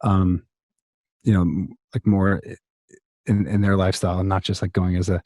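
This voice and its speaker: A man's voice: sits low, flat delivery, normal speed, dark tone, no echo, clean studio sound. A man telling a long story in a casual interview over a video call, rambling with many restarts and fillers. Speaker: songwriter guest.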